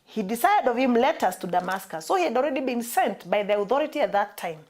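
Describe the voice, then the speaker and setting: A woman's voice: on the high side, very animated, fast talker, darkish tone. A woman with a Kenyan accent preaching a sermon, emphatic and repeating her key phrases for weight.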